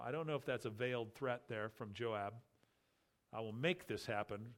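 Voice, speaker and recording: A man teaching from the Bible, reading scripture aloud and commenting on it in a measured, grave way that slows and softens on sorrowful passages. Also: medium pitch.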